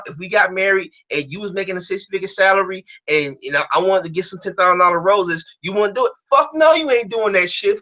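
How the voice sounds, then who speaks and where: Lively, bright-voiced man telling stories. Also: high voice, low-quality recording. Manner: animated storytelling, heavy profanity, many restarts. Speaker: stream co-host. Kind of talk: casual chat.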